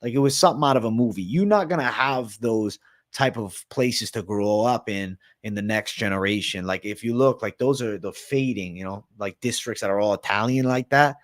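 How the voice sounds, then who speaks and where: A man with a fairly low voice and a Boston accent, from Massachusetts but raised in Florida, hosts a casual livestream at a moderate pace. He reads chat aloud and answers it, swearing freely and saying "bro" a lot.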